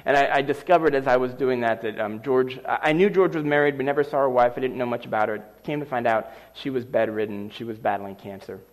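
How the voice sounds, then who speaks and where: A middle-aged man preaching a sermon, telling a personal story with lively, animated delivery. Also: mid-range voice, fast, few pauses. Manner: animated storyteller acting out scenes. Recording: long reverb of a large hall.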